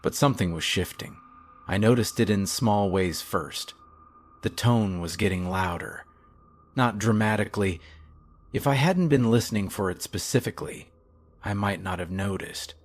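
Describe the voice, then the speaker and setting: Low-voiced man narrating horror. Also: lively intonation, moderate pace.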